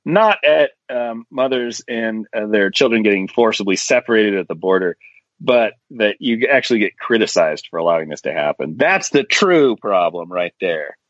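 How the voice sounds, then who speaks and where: A man's voice: on the low side, expressive, moderate pace, dry recording. A man hosting a casual podcast, talking bluntly and ranting with lots of profanity. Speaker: podcast host. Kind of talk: casual chat. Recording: dry, slightly muffled podcast audio.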